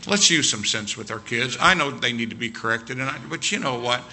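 Gravelly, bright-voiced man preaching. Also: mid-range voice, fairly quick, a little hiss or hum. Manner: animated anecdote with quoted dialogue. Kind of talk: sermon storytelling.

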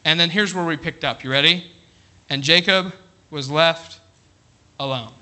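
A high-voiced man preaches a sermon to his congregation. His tone is very bright and forceful. He keeps checking with the room, asking if they are ready, and drops to a slower, quieter voice when he reads scripture. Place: church congregation.

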